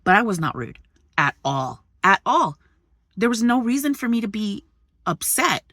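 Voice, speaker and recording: Animated woman ranting in a truck. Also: mid-range voice, moderate pace, dry recording, clean studio sound. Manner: animated, indignant retelling with profanity. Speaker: vlogger. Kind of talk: casual storytelling vlog. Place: inside a parked truck.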